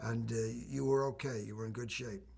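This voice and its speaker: Gravelly older man reminiscing. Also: medium pitch, steady tone, fairly quick, a crowd in the background. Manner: warm anecdotal storytelling with laughs. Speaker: actor recalling a film. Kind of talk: reminiscing interview.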